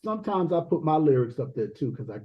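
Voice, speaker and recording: A man's voice: a little high, sing-song, fast talker. Laid-back guy chatting on a podcast, muffled lo-fi audio, says man a lot. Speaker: guest musician. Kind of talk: casual podcast chat.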